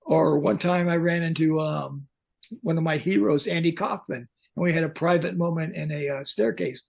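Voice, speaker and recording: Over a video call, an older man who has long worked as a pyrotechnics technician gives a casual interview full of blunt, joking, lively stories. His voice is on the high side, slightly rough with vocal fry, at a moderate pace.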